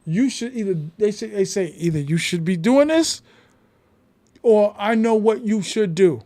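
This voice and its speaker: A man, a podcast guest telling stories in casual conversation, emphatic and animated, swearing often. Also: sits high, measured pace. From New York City.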